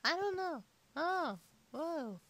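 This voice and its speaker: A performer voicing a squeaky little kid gamer who chatters and complains while playing. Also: big pitch swings, slow, fairly bright tone, heavily acted. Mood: chatty. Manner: chatty, complains to itself, mumbles while sorting items. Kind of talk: game playthrough commentary in character.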